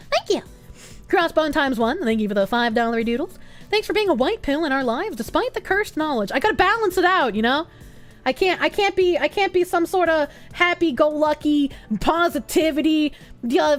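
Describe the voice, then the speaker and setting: A young woman streams and reads donations in a high, very lively voice. She swears casually and laughs often. Faint music plays behind her. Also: normal speed. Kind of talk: casual chat reading donations.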